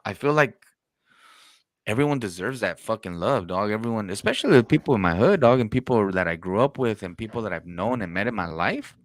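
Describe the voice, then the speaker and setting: A podcast host tells stories in casual chat, using slang, swearing and acting out quotes. His voice is on the low side, expressive and brisk, on a dry recording.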